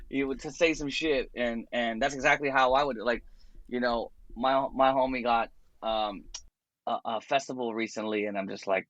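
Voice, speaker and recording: A Canadian comedian guesting on a casual podcast tells stories in a laid-back, slangy way and laughs often. His mid-range, slightly bright voice moves at a moderate pace, captured in a dry, lo-fi recording.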